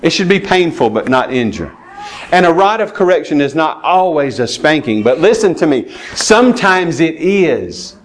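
A man's voice: a little high, very animated, normal speed. A man preaching a sermon, plainspoken and emphatic, with chuckles and asides to the congregation. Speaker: pastor.

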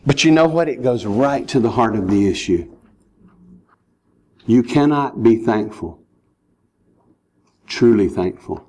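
A man preaching a sermon as a pastor, emphatic and urging his listeners directly. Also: medium pitch. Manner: emphatic, rising to urgent pleading.

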